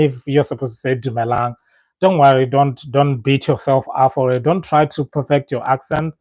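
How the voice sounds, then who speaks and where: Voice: mid-range voice, fairly even intonation, fairly quick, a little mellow, no echo, rough recording. Chatty Setswana host. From Botswana. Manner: chatty and reassuring, thinks aloud. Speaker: language channel host. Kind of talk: casual livestream chat.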